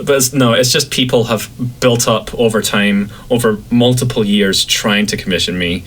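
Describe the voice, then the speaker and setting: A man from Scotland with a light Scottish accent, chatting casually as a podcast guest in a relaxed, rambling way. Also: moderate pace, hardly any pauses, rough recording. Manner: relaxed, rambling, acts out quotes in a higher voice.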